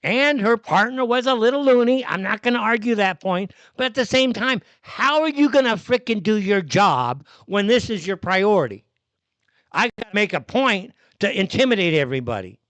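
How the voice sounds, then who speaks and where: Heated ranting man, high lively voice. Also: normal speed, no echo. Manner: heated, blunt, swears often. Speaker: live show host. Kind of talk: ranting commentary.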